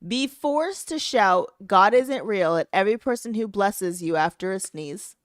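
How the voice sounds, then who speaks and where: A woman's voice: mid-range voice, expressive, a little slow, no echo, clean studio sound. A woman co-hosting a podcast, chatting casually and laughing often. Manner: amused, laughs a lot. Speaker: podcast co-host. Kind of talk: casual chat.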